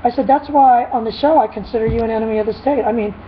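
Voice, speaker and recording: A woman dog trainer chatting casually in a vlog, retelling a dispute in an animated, rambling way with frequent laughs. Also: on the high side, fast talker. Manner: animated storytelling, laughs often. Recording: dull lo-fi with faint noise.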